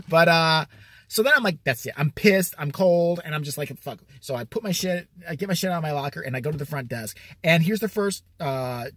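A man's voice: mid-range voice, fairly bright tone, breathy edge, dry recording. A man telling a profane, sarcastic comic rant with an exasperated edge. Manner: sarcastic, swears a lot, exasperated. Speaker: vlogger.

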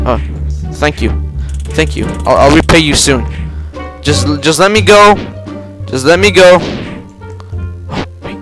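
Young man, high lively voice, excitable gameplay commentary, faint music behind. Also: unhurried. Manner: excitable, yelps and repeats himself. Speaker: gameplay video host.

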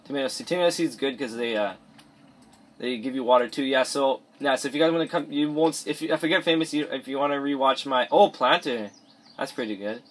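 A fast-talking teenage boy with a medium-pitched male voice rambles through let's play commentary while he plays. He restarts sentences often and mumbles asides, recording in his bedroom on a cheap mic or device mic.

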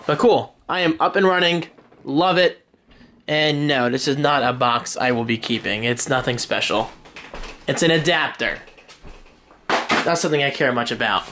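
A man's voice: mid-range voice, moderate pace, pauses often, pushed and bright, a little hiss or hum. A young man vlogging casually, rambling and joking at his own expense as he talks straight to his viewers. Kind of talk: casual vlog chat.

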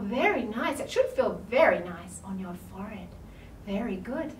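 At medium pitch and normal speed, an Australian woman leads toddlers in online yoga with lively intonation, playful sing-song phrasing, and big gasps of surprise. Faint music plays behind her, and a distant mic gives a roomy sound with faint ambience.

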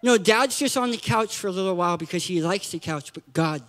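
A man preaching a lively sermon in a church, joking and acting out quotes with sudden shouts. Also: high voice, brisk, in a large hall. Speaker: guest preacher.

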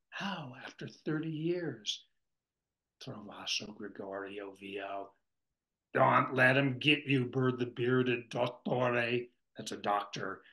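A man leading a poetry workshop, reading lines aloud and then pausing to explain them. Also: medium pitch, rough recording. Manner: reads lines slowly, then glosses them. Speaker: workshop facilitator.

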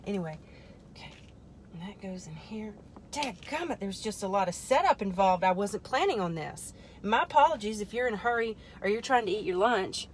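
A woman's voice: mid-range voice, expressive, a little fast, few pauses, a little hiss or hum. A woman hosting a casual product-testing live stream from a parked car, rambling through joking asides to her viewers and muttering under her breath as she fiddles with the product. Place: parked car in a store parking lot.

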